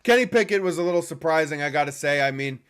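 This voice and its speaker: A man's voice: a little high, expressive, fast, a bit bright, clean tone. A young man hosting a casual sports chat, profane and heated, ranting in bursts. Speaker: podcast host.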